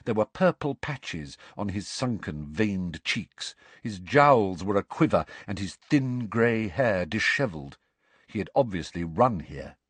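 A man narrating an audiobook in an expressive storytelling manner. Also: on the low side, a little slow, breathy edge, no room sound.

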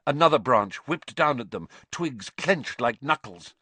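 A man reading a story aloud in scripted narration, dramatic and expressive. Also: medium pitch, a little slow, no echo. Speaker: audiobook narrator.

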